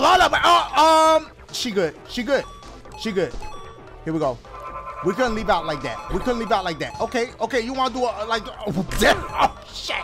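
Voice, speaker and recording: Male gaming host, high and lively voice, loud reactions, music bed behind. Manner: loud, yelps and shouts often; talks to the audience as "guys". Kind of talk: excited gameplay commentary.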